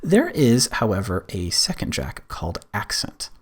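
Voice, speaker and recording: A man presenting a screen-recorded music software tutorial, explaining step by step in a relaxed way with frequent fillers. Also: fairly low pitch, measured pace, slightly rough.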